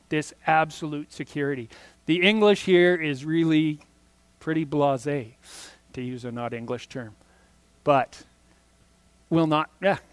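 A man preaches in a conversational way, breaking off into restarts and small asides as he explains scripture. His voice sits slightly high for a man. The sound is dry and close, with almost no room echo. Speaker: pastor. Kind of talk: sermon.

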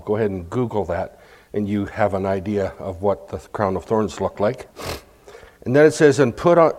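A man's voice: mid-range voice, a little mellow. A man preaching a sermon, explaining a scripture passage verse by verse, with asides to the congregation and acted-out crowd chants. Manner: acts out crowd chants and quotes.

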